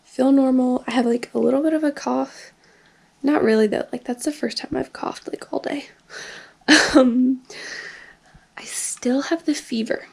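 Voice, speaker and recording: A woman's voice: high voice, fairly even intonation, measured pace, gravelly, pauses often. A young woman recording a casual video diary in her bedroom while recovering from an illness, rambling with lots of "like" and "um". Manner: rambling, full of "like" and "um" fillers. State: recovering from illness, tires easily. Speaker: vlogger. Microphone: camera filming herself.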